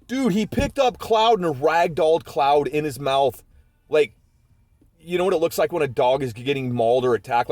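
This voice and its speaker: A man's voice: medium pitch, a little mellow, dry recording. Chatty middle-aged man telling dog stories. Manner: rambling, chatty storytelling with many asides. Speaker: dog owner vlogger. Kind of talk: casual storytelling vlog.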